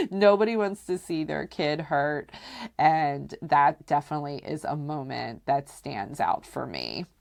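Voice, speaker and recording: Low-voiced woman podcaster telling stories, slow and chatty, lots of "like". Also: creaky. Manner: chatty, peppered with "like" and "you know"; relaxed and candid, acts out quoted voices. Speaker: podcast host. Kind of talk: casual personal storytelling.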